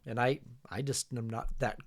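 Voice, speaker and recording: A middle-aged man, a trip leader, telling travel stories in a relaxed, casual podcast chat, trailing off quietly. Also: medium pitch, moderate pace. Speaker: guest, fishing trip leader.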